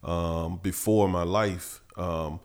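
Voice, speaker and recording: Lowish-voiced man preaching on a podcast. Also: steady tone, slow, darkish tone. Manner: preachy, rises in pitch and force reading scripture. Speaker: pastor. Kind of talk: podcast Bible teaching.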